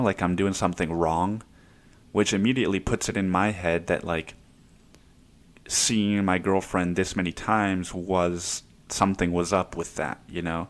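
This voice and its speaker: A young man hosting his own podcast, talking through personal stories in a casual, rambling way with plenty of swearing. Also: low-pitched. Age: young adult. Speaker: podcast host.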